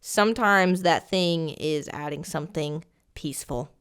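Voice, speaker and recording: A woman co-hosting a laid-back fitness podcast, her voice smooth and clear and pitched fairly low. She talks in quick, excitable bursts, laughs easily and swears casually. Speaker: podcast co-host, personal trainer. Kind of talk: casual chat.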